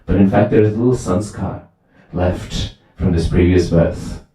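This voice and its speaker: A man voicing a calm male sage who explains things patiently, heard from far off in a very echoey hall. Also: low voice, moderate pace, natural voice.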